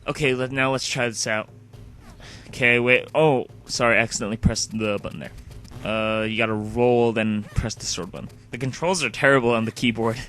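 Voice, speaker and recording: A man casually narrating his video game play, rambling from one thing to the next and leaning on "like" as a filler. His voice sits at a middling pitch, and faint music plays behind him. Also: fairly even intonation, brisk, fairly bright tone. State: sleepy. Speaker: let's play host. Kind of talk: casual gameplay commentary.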